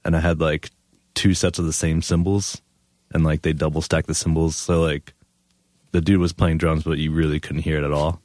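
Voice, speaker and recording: A man's voice: very deep voice, level tone, normal speed, darkish tone, no room sound, studio quality. A young man, a guest, telling laid-back stories in casual chat, laughing often.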